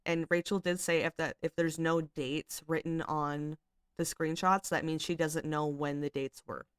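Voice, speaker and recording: A woman's voice: low voice, steady tone, unhurried, smooth, no room sound, studio quality. A young woman casually commenting on screenshots she reads aloud, chatty and exasperated, with lots of filler words. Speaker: commentary channel host.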